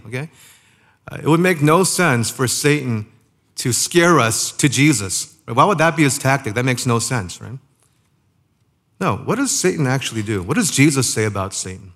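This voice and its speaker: A man preaching a sermon in a conversational way, asking the listeners rhetorical questions and slowing down to stress key phrases. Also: medium pitch, animated, fairly bright tone. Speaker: pastor.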